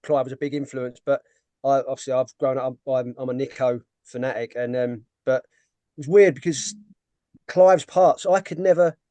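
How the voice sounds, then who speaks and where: A man's voice: mid-range voice, steady tone, normal speed, warm tone, no echo. Reflective man, dry sound. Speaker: podcast host. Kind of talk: casual chat.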